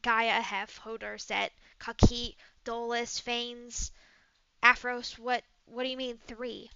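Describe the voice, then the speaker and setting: A woman's voice: on the high side, flat delivery, takes it slowly, vocal fry, sharp tone, clear, resonant tone, dry recording, heavily acted. Woman putting on a giddy, bubbly young adventurer. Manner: bubbly, eager. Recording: dull lo-fi mic.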